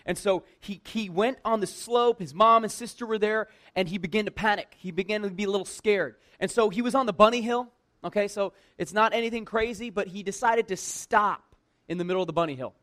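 A man who works at a church tells a personal anecdote in a lively, conversational way, full of "like" and self-mocking humor. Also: high-pitched, a little fast. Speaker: church worker telling a personal story. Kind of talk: casual personal storytelling.

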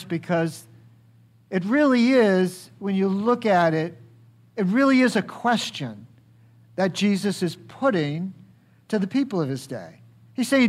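A pastor delivers a sermon, putting questions to his congregation and acting out quoted speech. His voice swings high and drops low for emphasis.

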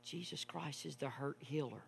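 A man preaching a sermon, moving between hushed storytelling and loud, impassioned preaching. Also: on the high side, moderate pace, creaky. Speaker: pastor. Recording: long hall reverb with mains hum.

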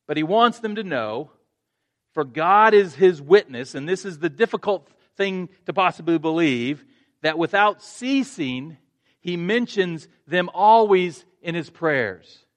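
Earnest pastor preaching, fairly high-voiced man. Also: expressive, measured pace. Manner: earnest, with frequent restarts and rising emphasis. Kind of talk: sermon.

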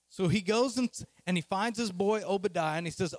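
A man preaching a sermon as a lively, casual, slangy retelling of a story. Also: sits high, brisk, hardly any pauses, no room sound.

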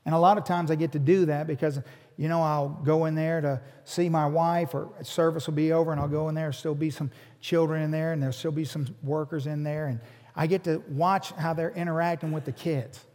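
High-voiced pastor preaching in a reverberant hall. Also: male voice, steady tone, a little fast, a little mellow. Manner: earnest, repeats words as he builds up. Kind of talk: sermon.

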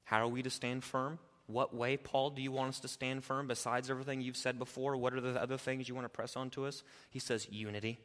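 A man's voice: medium pitch, little pitch movement, a little fast, hardly any pauses. Preaching man in a reverberant church. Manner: builds from quiet to loud emphatic preaching. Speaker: pastor. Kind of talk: expository sermon.

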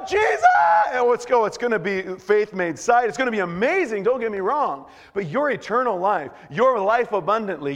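A male pastor preaching a sermon, swinging from hushed, slow words to shouted bursts. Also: sits high, long reverb tail.

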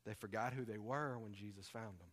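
A man's voice: lowish voice, fairly quick. A man preaching a sermon as a pastor, conversational and emphatic, repeating key lines for weight.

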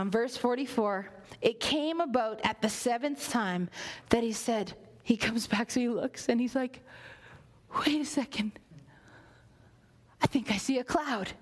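A woman with a high voice preaches a sermon. She tells the story with energy, acts out the characters' lines, and drops to a whisper to drive a point home.

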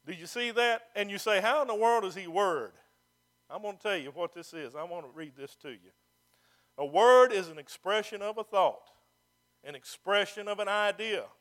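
A pastor preaches in a high, ringing voice. He builds phrases into emphatic calls and slows down to stress the words that matter. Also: lively intonation, fairly bright tone. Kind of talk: sermon.

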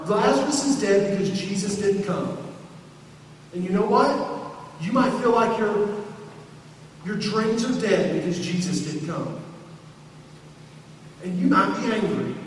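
A high-pitched male preacher delivers a sermon slowly and dramatically, swelling into shouted appeals. He is heard from a distance in a large, echoing church hall with a long reverb. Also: slight background noise. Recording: echoey hall from far off.

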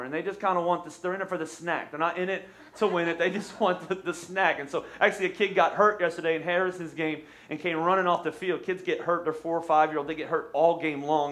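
Guy preaching in church, kinda high voice, pumped up, gets the crowd to talk back. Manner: energetic, urges the congregation to respond. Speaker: pastor. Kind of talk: sermon. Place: church stage.

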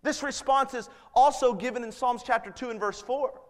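A man's voice: very high voice, moderate pace. A man in his thirties preaching a sermon as pastor, earnest and building to emphatic appeals. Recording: long hall reverb.

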